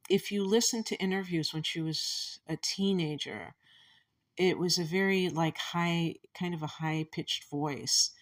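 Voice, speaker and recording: A woman from the Chicago area, with a Chicago accent and a low voice, offers casual astrology commentary. She muses and meanders, often restarting her thoughts.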